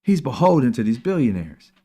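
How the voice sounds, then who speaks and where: A male commentary host holds forth in an impassioned rant, sarcastic and preachy, with the odd curse word thrown in. His voice sits at an ordinary middle pitch for a man. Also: very animated, a little fast, warm tone, slightly rough. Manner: heated, sarcastic, preachy, swears freely. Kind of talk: casual political commentary.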